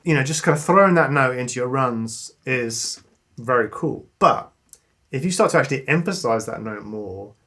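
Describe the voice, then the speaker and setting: This guitar teacher has a medium-pitched male voice and keeps things casual and upbeat, breaking off between lines to play. The recording carries loud, clean guitar playing in the background.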